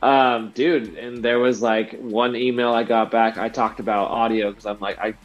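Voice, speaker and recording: A man in his thirties from Southern California, a guest DJ telling a story in casual chat, animated and slangy, acting out what he once said. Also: medium pitch, normal speed. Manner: animated, slangy, acts out his own past lines. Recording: dull lo-fi podcast audio with faint music.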